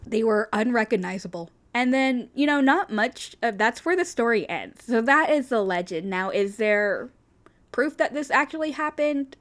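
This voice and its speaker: A woman's voice: on the high side, animated, normal speed, fairly bright tone. A young woman co-hosting a podcast, casually telling an urban legend, chatty with lots of fillers and blunt swearing for emphasis. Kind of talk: casual storytelling chat.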